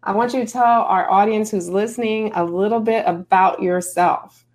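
A middle-aged woman hosting a casual interview, chatty and expressive as she shares her own story. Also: medium pitch, moderate pace. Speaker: host.

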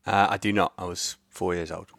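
A man in his thirties making wry, deadpan asides in casual football chat. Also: sits low, fairly quick, gravelly, no room sound. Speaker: podcast co-host.

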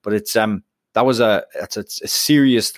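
A man's voice: on the low side, moderate pace, dry recording, studio quality. Chatty male football podcaster. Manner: chatty, lots of restarts and fillers. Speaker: podcast co-host. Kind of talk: casual football chat.

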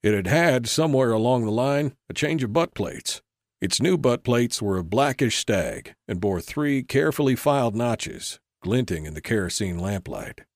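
A man giving measured scripted narration of an old-west audiobook. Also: mid-range voice, expressive, no room sound. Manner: measured storytelling. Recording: dry close recording.

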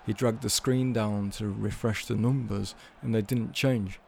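A man telling a comic story in a measured, deadpan way. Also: lowish voice, vocal fry, a little hiss or hum. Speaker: storyteller guest.

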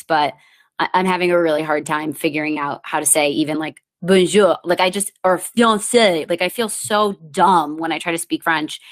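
A thirty-year-old woman and comedian hosting her podcast, chatting casually with a rambling, self-mocking manner and sudden animated bursts. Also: low-pitched. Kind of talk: casual solo chat. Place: lives in New York.

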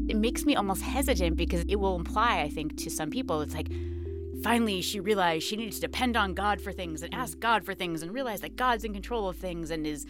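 A woman's voice: medium pitch, lively intonation, a little fast, over loud music. A woman guest telling her story in an interview, candid and self-mocking, laughing often. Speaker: author and guest.

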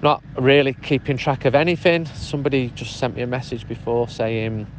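A man's voice: medium pitch, moderate pace, a little hiss or hum, poor audio. A man giving a casual spoken update to a podcast, telling his story in a chatty, easygoing way. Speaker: podcast contributor sending a voice update.

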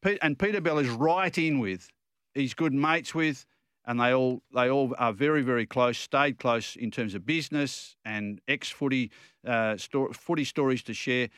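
A man's voice: mid-range voice, normal speed, fairly bright tone, clean tone, dry recording, studio quality. An Australian man co-hosting a football radio show, talking in an opinionated, rambling way with frequent restarts. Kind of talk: casual radio chat.

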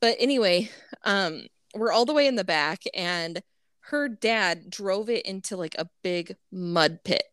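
A woman's voice: medium pitch, measured pace, a bit bright, smooth, no echo, studio quality. A woman casually telling a long family story, full of "like" and laughing as she goes. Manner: rambling, lots of "like", laughs mid-sentence. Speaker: podcast co-host telling a story.

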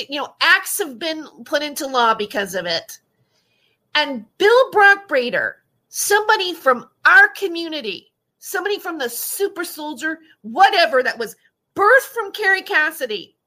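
A young woman streams with audio only, venting to her chat in a slow, unhurried delivery. Her voice is high and bright, and she sounds close to tears. She restarts her sentences and repeats herself as she goes. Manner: upset, rambling, repeats herself, greets chat viewers. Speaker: YouTube livestreamer. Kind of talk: emotional livestream rant to chat. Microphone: audio-only stream, no face shown.

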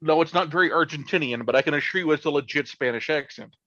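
Halting, profane man on a podcast. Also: a little high, bright, forceful tone, no room sound, muffled recording. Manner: enthusiastic, profane, halting with fillers. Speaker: podcast co-host. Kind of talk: casual chat.

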